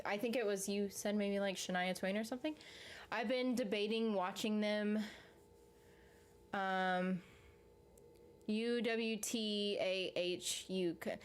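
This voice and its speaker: A young woman, out of breath, rambling casually with lots of fillers as she hosts a livestream from home and reads the chat. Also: medium pitch. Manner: chatty, slow and rambling, with frequent fillers and laughs. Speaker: livestream host reading chat. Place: home room.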